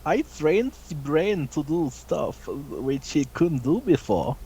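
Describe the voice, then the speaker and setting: A man's voice: a little high, very animated, slow pace, warm tone, a little hiss or hum, exaggerated voice. A man putting on a stiff German brain scientist. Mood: deadpan. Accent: put-on German. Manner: formal, stiff phrasing. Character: mock German brain scientist, asylum doctor, deadpan. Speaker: caller.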